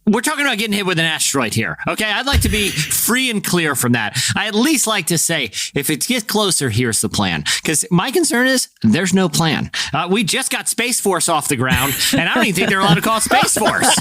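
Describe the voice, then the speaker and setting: A man's voice: sits high, big pitch swings, a little fast, hardly any pauses, bright, forceful tone, no echo. A man co-hosting a casual podcast, talking in a mock-serious, stammering way. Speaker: podcast co-host. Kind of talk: casual chat.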